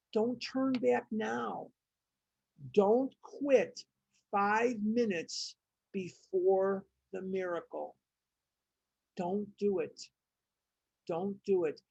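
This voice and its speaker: A woman's voice: fairly high pitch, gravelly, darkish tone, slightly rough, no room sound. A woman leading a recovery study group, reading passages aloud and commenting on them with emphatic, repeated phrases. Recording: dull, muffled audio.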